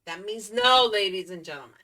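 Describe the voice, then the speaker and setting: A woman co-hosting a podcast, teasing her partner with quick banter in casual chat. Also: medium pitch, sharp tone. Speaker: podcast co-host.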